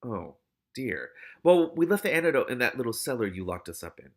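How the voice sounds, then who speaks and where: A man's voice: mid-range voice, sing-song, fairly quick, darkish tone. A man reading the lines of a bold young girl who speaks in a confident, matter-of-fact way. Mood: knowing.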